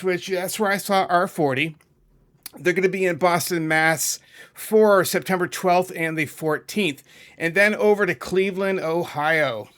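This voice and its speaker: Rambling middle-aged man, somewhat high voice. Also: fairly bright tone. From New England, USA. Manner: rambling, with asides and self-corrections. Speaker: YouTube music channel host. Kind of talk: casual chatty talk over a map.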